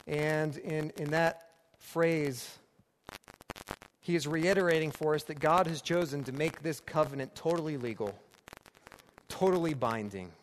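Male preacher, slightly high voice, emphatic repetition, long reverb and faint hiss. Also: unhurried, pauses often. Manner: emphatic, repeating phrases for rhetorical build. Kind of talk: sermon.

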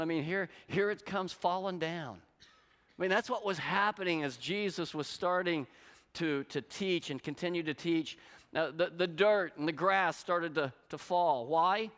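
A man's voice: on the high side, a little slow. A middle-aged male pastor preaching a sermon, telling stories and acting out the lines of the people in them. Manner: storytelling, animated, acts out quotes. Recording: long hall reverb.

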